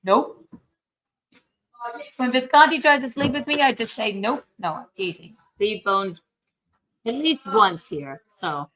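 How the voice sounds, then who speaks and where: A woman's voice: a little high, expressive, a little slow, pauses often, sharp tone, low-quality recording. A woman hosting a casual livestream while she cooks, chatty and brash, gossiping and swearing freely. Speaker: livestream host.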